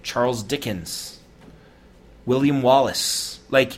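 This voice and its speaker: An American man co-hosting a podcast speaks slowly at a medium pitch. He chats casually and rambles, cracking jokes and laughing often.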